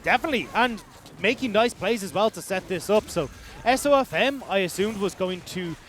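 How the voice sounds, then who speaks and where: A man casting an esports match as the analyst, talking quickly in a fairly high voice. He breaks down lane states and team plans in long, explanatory runs. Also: animated, a bit bright, slight background noise. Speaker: esports caster. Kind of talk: analytical esports color commentary.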